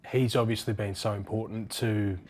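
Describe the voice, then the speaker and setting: Low, even-toned male interviewer. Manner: measured, with many ums. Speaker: sports interviewer. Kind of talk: sit-down interview.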